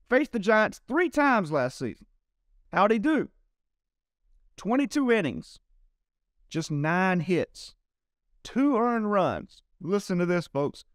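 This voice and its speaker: A man's voice: sits high, very animated, slow, long pauses, no room sound, clean studio sound. A man with a Southern accent giving baseball betting picks, talking emphatically and straight to his viewers. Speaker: sports betting handicapper. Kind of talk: casual betting picks talk.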